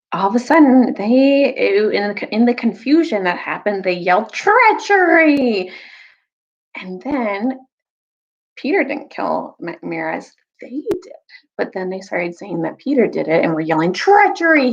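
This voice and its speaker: A young woman telling a children's story, recapping and reading aloud in a casual, animated way. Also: vocal fry, muffled recording. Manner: animated, jumps high for quoted characters.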